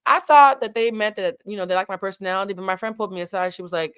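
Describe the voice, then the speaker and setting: Animated woman with a New England accent. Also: a little high, fast talker. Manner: animated, digressive, swears freely, wide swings in loudness. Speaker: commentary channel host. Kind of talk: casual live commentary.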